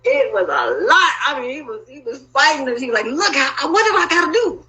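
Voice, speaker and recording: High, lively, bright-voiced woman ranting. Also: a little fast, poor audio. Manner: agitated, profane and rambling, with sudden loud outbursts. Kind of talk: emotional personal monologue.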